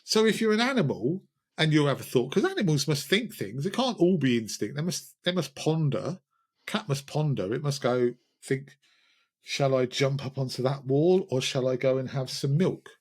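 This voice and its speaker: Rambling, jokey man, husky and lively. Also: medium pitch, moderate pace. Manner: rambling, jokey, self-mocking. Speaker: podcast co-host. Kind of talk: casual pub chat.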